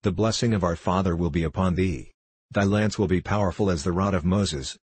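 A man voicing an anxious, pleading male merchant, earnest and hurried, in an audiobook reading. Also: low-pitched, a little mellow, breathy edge, no room sound. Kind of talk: audiobook character voice.

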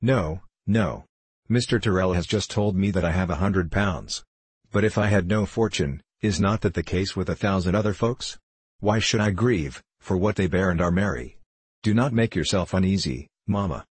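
A man's voice: low-pitched, moderate pace, breathy edge, no room sound. A man reading a stubborn young lady. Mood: earnest. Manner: earnest, protesting. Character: spirited young gentlewoman, innocent and stubborn. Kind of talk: audiobook character reading.

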